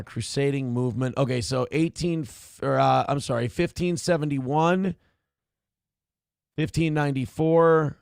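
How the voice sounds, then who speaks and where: A man hosts a casual livestream chat, rambling, swearing freely and reading viewer messages aloud. His medium-pitched voice has vocal fry, and the studio-quality sound has no echo.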